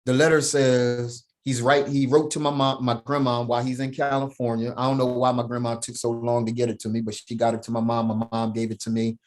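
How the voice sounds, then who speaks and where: A man's voice: mid-range voice, flat delivery, fairly quick, hardly any pauses. A middle-aged man telling a personal story as a podcast guest, emphatic, often checking in with "right?" and "man".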